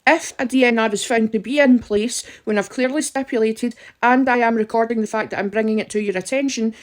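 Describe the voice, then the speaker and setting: A woman's voice: a little high, fairly quick. A woman giving emphatic, direct advice to listeners in an impassioned talk. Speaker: campaigner.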